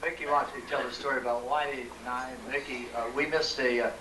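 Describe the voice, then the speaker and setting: An elderly man, a retired ballplayer, telling an animated anecdote at a live event and acting out the voices in it. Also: mid-range voice, quick pace, a loud crowd. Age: older. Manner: animated, acts out voices in his story. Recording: echoey room, distant mic, clear noise.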